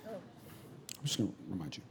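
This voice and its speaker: A man preaching a sermon, going from loud comic storytelling to a hushed, serious tone. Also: lowish voice, huge pitch swings, normal speed, creaky, a little hiss or hum. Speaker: pastor.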